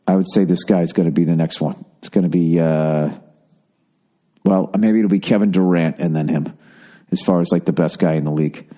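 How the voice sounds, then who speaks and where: Profane man rambling. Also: low voice. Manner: profane, self-mocking, animated. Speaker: podcast host. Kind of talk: casual rambling monologue.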